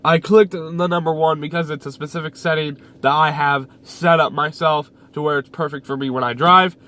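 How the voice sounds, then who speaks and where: A man's voice: fairly high pitch, fairly even intonation, moderate pace, sharp tone. A young man chatting casually in a car vlog, rambling with lots of fillers and repeated phrases, recorded by a camera on the dashboard inside his parked car. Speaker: YouTuber. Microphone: camera mounted on the dash.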